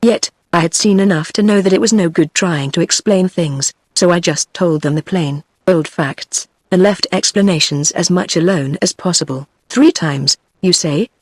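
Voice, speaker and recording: A woman's voice: lowish voice, normal speed, hardly any pauses, a little mellow, dry recording, clean studio sound. A synthetic woman's voice with a British English accent reading an audiobook. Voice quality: synthetic, evenly paced machine voice. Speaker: audiobook narrator. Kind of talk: text-to-speech book reading.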